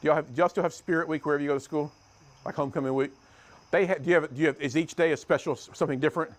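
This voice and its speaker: A middle-aged man from the United States giving a motivational talk to a youth group, telling stories and swinging between loud and hushed. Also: a little high, fairly even intonation, very fast. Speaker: youth speaker.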